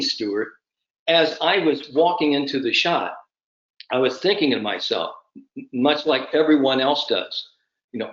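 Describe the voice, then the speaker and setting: A man's voice: a little high, measured pace, highs cut off. Roomy-sounding man telling a golf story. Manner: animated anecdotal storyteller, addresses the host by name. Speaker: sport psychologist guest. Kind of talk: storytelling in an online summit talk.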